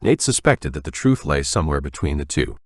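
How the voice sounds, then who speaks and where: Guy narrating an audiobook, measured and even, super deep voice, dry close mic. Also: no room sound. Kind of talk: scripted narration.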